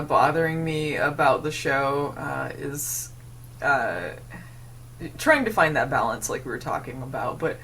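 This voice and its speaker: A woman's voice: low-pitched, fairly bright tone, a little hiss or hum. A young adult woman hosting a casual podcast chat, talking loosely and swearing freely. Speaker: podcast host.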